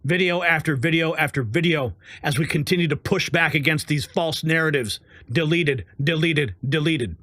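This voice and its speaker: Male commentary host, angry and mocking, slows down to hammer points, somewhat high pitch. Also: sharp tone, no echo, clean studio sound. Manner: heated, sarcastic, drawn-out emphasis.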